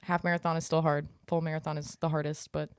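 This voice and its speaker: A woman's voice: deep voice, level tone, quick pace, clean tone, no room sound, clean studio sound. Teasing American woman podcast co-host. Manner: playful, teasing, lots of fillers. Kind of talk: casual chat. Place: podcast studio.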